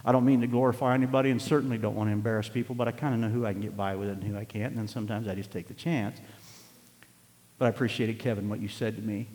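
An older man preaching a sermon, telling folksy stories and rising into loud, emphatic passages. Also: fairly low pitch, fairly even intonation, very fast. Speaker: pastor. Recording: long hall reverb.

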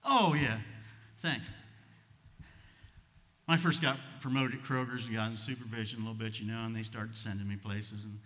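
An older man preaching a sermon, telling personal stories in a folksy, impulsive way that swings from soft to loud. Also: lowish voice, fairly even intonation, moderate pace, pauses often, long reverb tail. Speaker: pastor.

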